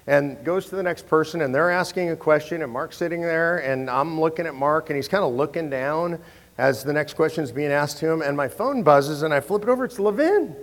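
Man telling a story in an echoey hall. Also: on the high side. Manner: animated, chatty, with repeated restarts. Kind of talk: storytelling talk to an audience.

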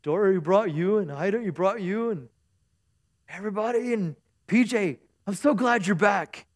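A man's voice: high voice, moderate pace. A man preaching a sermon to his congregation in a church service, chatty and joking, often asking the crowd for an "amen". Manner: chatty, jokey preaching with call-and-response asides. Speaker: pastor.

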